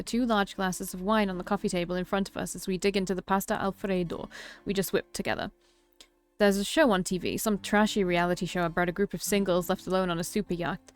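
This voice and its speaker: A woman's voice: mid-range voice, clean tone. A woman streamer reading a visual novel aloud, with dry, sarcastic asides.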